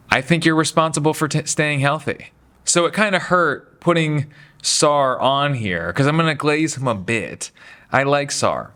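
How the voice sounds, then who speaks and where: Male sports talker, casual and opinionated, mid-range voice, lively asides. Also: medium pitch. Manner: chatty, animated, does mocking voices for quotes. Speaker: basketball commentary host.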